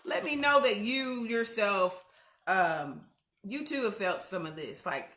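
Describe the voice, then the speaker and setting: A woman hosts a casual livestream, talking frankly and warmly to her viewers as "y'all". Her voice is bright and clear. The room around her is echoey. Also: medium pitch, lively intonation, unhurried. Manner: candid, chatty, addresses viewers as y'all. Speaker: host.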